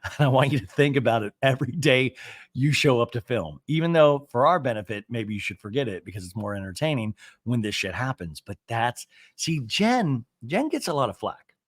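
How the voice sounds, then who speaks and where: A male podcast host chatting casually through a reality show recap, animated and quick to act out quotes. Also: mid-range voice, no echo, clean studio sound.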